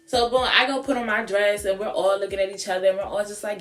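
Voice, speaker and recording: A woman beauty vlogger telling a casual storytime in a sassy, animated way, stretching out words. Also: medium pitch, fast, few pauses. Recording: echoey room with music behind.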